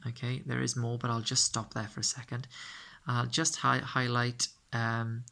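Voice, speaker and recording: Gravelly man explaining game rules. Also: medium pitch, flat delivery, moderate pace, sharp tone. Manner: explains step by step, checks in with "okay?"; frequent fillers and self-corrections. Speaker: game tutor.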